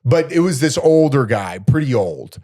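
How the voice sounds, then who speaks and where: A middle-aged man co-hosting a podcast, telling a story in casual chat and jumping up in pitch to act out what people said. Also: normal speed. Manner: animated, acts out quotes in a raised voice. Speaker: podcast co-host.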